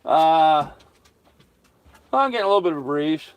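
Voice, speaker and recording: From a small sailboat cabin on a lake, an older man live-streams his sailing vlog, chatting easily with viewers and laughing at his own humor. His fairly high voice is expressive at a moderate pace, in a dry recording.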